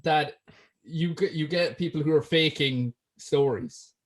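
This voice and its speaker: An Irish man hosts a podcast, his voice a little high and a little slow. He reads out questions in a loose, casual interview chat, dropping plenty of ums along the way.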